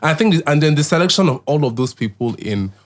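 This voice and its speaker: A man from Nigeria co-hosting a casual chat show, animated and playful with jokey asides. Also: on the high side, fast. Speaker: co-host.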